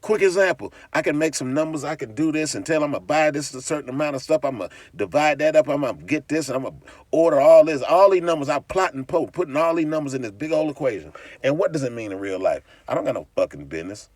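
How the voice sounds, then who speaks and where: Man, vlog rant, profane, heated, mocking, repeats words, fairly high voice, dry close sound. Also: expressive, fast, no room sound. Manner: repeats words and restarts while ranting. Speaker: vlogger. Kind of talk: ranting vlog monologue.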